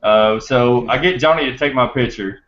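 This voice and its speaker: A man of middle pitch tells a story to his listeners in a loose, rambling way, often laughing and trailing off into fillers. His voice sounds a little muffled and lo-fi, as if the recording was a bit dull. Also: normal speed, fairly bright tone. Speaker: podcast host.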